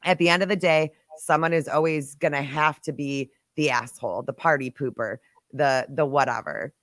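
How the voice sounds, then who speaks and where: Frank live-podcast host, mid-pitched voice, dry close mic, earnest. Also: normal speed, fairly bright tone, no room sound. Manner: frank, earnest, a bit profane. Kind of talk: casual live-stream chat.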